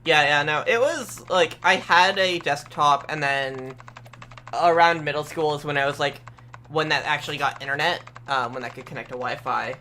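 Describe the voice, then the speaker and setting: Bright-voiced rambling young guest. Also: mid-range voice, normal speed, a little hiss or hum. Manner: rambling, stammering restarts, casual swearing. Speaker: guest co-streamer. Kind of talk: casual chat.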